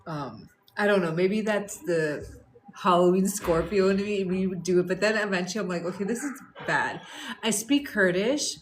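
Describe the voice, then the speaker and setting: A woman's voice: medium pitch, moderate pace, slight background noise. A woman, chatting casually and rambling during a wellness livestream at home. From born in Canada, raised in the US. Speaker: wellness live streamer. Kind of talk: casual chat.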